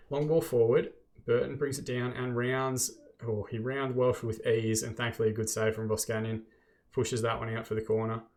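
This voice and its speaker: An Australian man hosting a football management video game series, narrating match play with exasperated, self-deprecating commentary. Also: mid-range voice.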